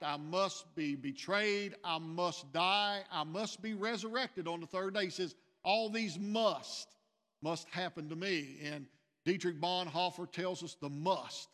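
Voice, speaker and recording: A man preaching a sermon as pastor, earnest and repetitive, growing louder on key lines. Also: high voice. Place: church sanctuary. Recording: long church reverb.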